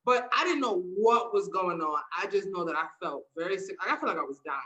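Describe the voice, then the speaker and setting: Bright-voiced woman telling stories emphatically. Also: lowish voice, lively intonation, fast talker, lo-fi sound. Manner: emphatic storytelling, acting out quotes. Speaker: podcast co-host. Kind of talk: casual candid chat.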